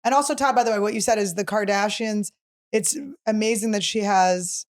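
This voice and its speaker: A woman's voice: medium pitch, a little fast. A woman stand-up comedian hosting a podcast, chatting casually and telling stories with lots of acted-out lines. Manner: animated storyteller who acts out other people's lines.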